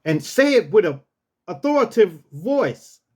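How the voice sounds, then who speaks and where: A man telling a casual story and teaching dog commands, repeating himself and calling out each command in a rough, drill-sergeant tone. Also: high voice, big pitch swings, measured pace, darkish tone. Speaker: storyteller host.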